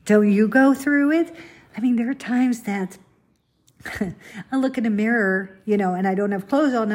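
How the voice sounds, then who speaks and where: A woman's voice: on the high side, moderate pace, darkish tone. A middle-aged woman from the Netherlands hosting a podcast, chatting casually and confidingly and turning questions to the listener. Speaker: podcast host. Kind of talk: casual solo podcast chat.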